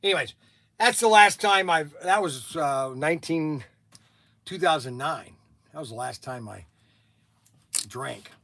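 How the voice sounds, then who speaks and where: High, bright-voiced man telling rambling stories. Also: measured pace, gravelly, long pauses, no room sound. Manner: rambling, repeats and restarts, laughs at his own stories. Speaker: store host on a livestream. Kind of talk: casual storytelling.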